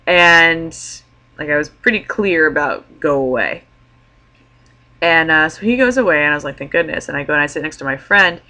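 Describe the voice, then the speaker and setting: A woman's voice: low voice, lively intonation, normal speed, bright, forceful tone. A young woman vlogger telling a story to her camera in a casual, chatty way, full of "like" fillers.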